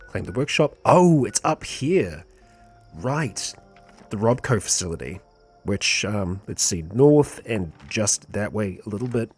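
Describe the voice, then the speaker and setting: In a lowish, husky voice, a man chats casually while playing a video game on stream. He thinks aloud in a relaxed, chatty way and lets out chuckles between lines.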